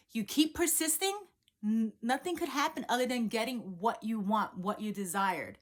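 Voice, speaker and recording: A woman coach telling a story in a chatty, animated, casual way. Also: on the high side. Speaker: law of assumption coach.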